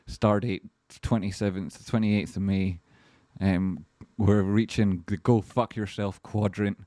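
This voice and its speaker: A man's voice: on the low side, a little mellow, no echo, clean studio sound. A British man hosting a stock market live stream, talking bluntly, swearing constantly and replying to his chat.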